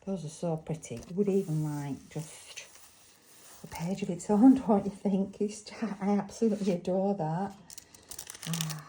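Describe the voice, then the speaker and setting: A woman's voice: fairly low pitch, dark tone, a little hiss or hum, poor audio. A woman with a Lancashire accent chatting casually at her craft table, thinking aloud and asking viewers questions as she works. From England. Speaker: crafting vlogger. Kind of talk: casual chat while crafting.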